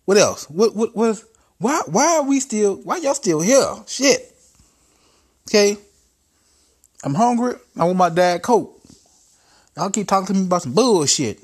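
A man's voice: high voice, very animated, a little slow, long pauses, slightly rough, voice pushed up, full character voice. A man voicing a brash, arrogant older president who is crude and barks profane orders. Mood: bossy, dismissive. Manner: bossy, profane, stammering demands.

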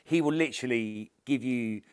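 Podcast guest or co-host, man, mid-pitched voice, rambling and sweary. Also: normal speed, a little mellow, clean tone. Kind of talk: casual chat.

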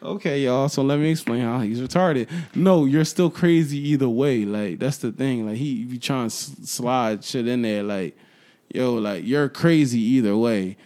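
A man's voice: medium pitch, moderate pace, mellow. A young man co-hosting a casual podcast, telling a story with frequent swearing and breaking into laughter. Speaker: podcast co-host. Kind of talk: casual chat.

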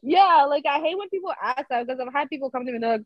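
A woman's voice: high-pitched, expressive, rapid-fire, no echo, highs cut off. A woman, a podcast guest, talking earnestly in casual chat and often saying "you know".

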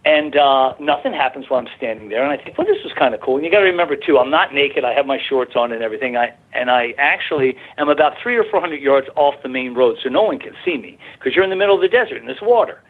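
Excited man rambling over a phone line. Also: mid-range voice, fast talker, few pauses. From Arizona, USA. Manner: rambling, repeats words and restarts, grows excited. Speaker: radio guest. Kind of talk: phone-in storytelling on a radio talk show.

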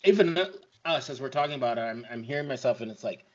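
A man in casual podcast chat, animated and often laughing, swinging between loud and quiet. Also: medium pitch, fast, lo-fi sound.

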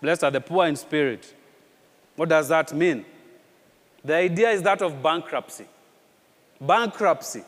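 A pastor delivers a sermon in a slightly high voice, repeating phrases and posing rhetorical questions with lively emphasis. A long church-hall reverb trails his words, and he speaks a bit slowly with long pauses.

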